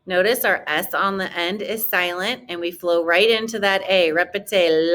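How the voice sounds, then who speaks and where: A woman with a mid-range, slightly bright voice teaches a French lesson in a classroom, explaining grammar in a chatty, encouraging way. She draws out model words slowly so students can repeat them.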